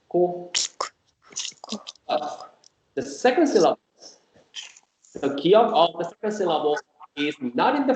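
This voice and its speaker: A man teaching Korean in an online class, explaining slowly and patiently and repeating example sounds. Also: a little high, darkish tone. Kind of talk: online language lesson. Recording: echoey room with faint noise.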